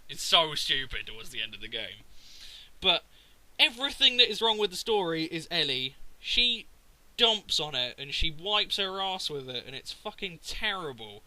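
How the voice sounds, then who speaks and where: A man's voice: on the high side, very animated, moderate pace, sharp tone, no echo, poor audio. A man, ranting casually and profanely about a video game. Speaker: gaming video maker. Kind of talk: casual rant.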